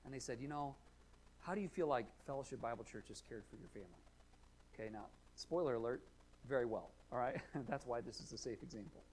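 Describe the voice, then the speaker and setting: A male pastor preaching a sermon, earnest, asking rhetorical questions, rising to emphatic points and dropping to quiet asides. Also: medium pitch, fairly quick, slight background noise, poor audio. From United States.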